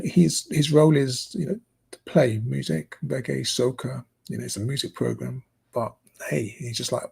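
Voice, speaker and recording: A man's voice: lowish voice, creaky, husky. A man hosting a community news update in casual, rambling commentary full of fillers and restarts. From United Kingdom.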